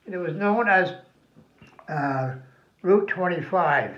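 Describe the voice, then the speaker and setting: An older veteran spins long, salty stories for his family, full of swearing. His voice sits fairly high for a man. The lo-fi recording sounds dull and roomy. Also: takes it slowly, a bit bright. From New Jersey. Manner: rambling, profane, folksy. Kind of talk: casual reminiscing.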